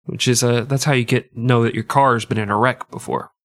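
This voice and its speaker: Brief: nasal male podcast co-host, crude irreverent comic history, mid pitch, dry close sound. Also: fairly even intonation, brisk, a bit bright, dry recording.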